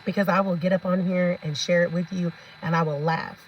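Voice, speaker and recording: A woman's voice: fairly low pitch, fairly even intonation, a little fast, muffled recording, a little hiss or hum. A woman vlogger giving sassy, ranting commentary, laughing often and talking straight to her viewers.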